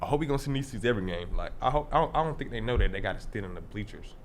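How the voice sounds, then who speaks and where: A man's voice: on the low side, lively intonation, racing, slight background noise. A young man in his twenties, a football player guest, chatting casually in a laid-back, slangy way that trails off. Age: 20s. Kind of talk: casual chat.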